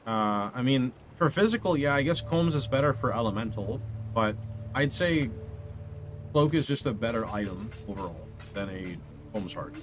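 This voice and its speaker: A man's voice: mid-range voice, lively intonation, moderate pace. A man streaming a game live, chatting casually and answering viewer questions. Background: background music.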